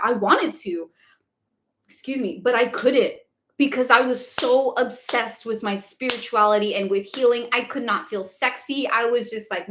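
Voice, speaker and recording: A woman's voice: a little high, fairly bright tone, echoey room. A woman spiritual coach answering questions on a live stream, chatty and emphatic, often checking in with "okay?" and speaking bluntly. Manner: candid and blunt, with casual swearing.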